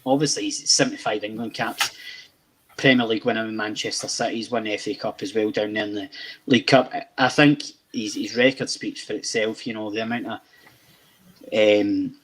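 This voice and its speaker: A man's voice: lowish voice, steady tone, fairly quick, a bit bright, slightly rough. A young Scottish man hosting a casual football chat show, rambling and repeating words as he starts each thought. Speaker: podcast host.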